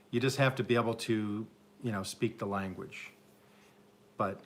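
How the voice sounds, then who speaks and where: Upstate New York man, lowish voice, rambling self-mocking live-stream host, faint outdoor hum behind. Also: steady tone, moderate pace. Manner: rambling, self-mocking, joking with chat viewers. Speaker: garden channel host. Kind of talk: live-stream casual chat. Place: home garden, Oklahoma.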